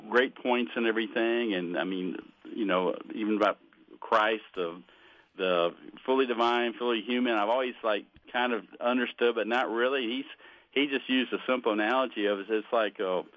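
An older man with a slightly low voice speaks casually on live radio. He talks in a halting, earnest way and often stumbles and repeats words as he gives his thanks. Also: dull audio. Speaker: radio guest. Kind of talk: casual chat.

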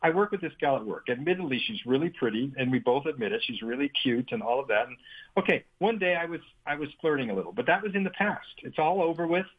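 A man's voice: mid-range voice, expressive, slightly rough. A man voicing a defensive young man who brushes off blame over a phone line. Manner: dismissive, quick to interrupt.

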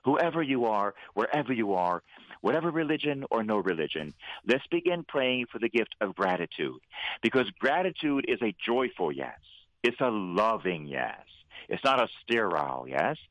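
A priest hosting a Catholic radio show, preaching fervently and leading prayer. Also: male voice, fairly low pitch, moderate pace, dry recording, lo-fi sound. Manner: fervent, preacherly, animated when voicing God. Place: radio studio.

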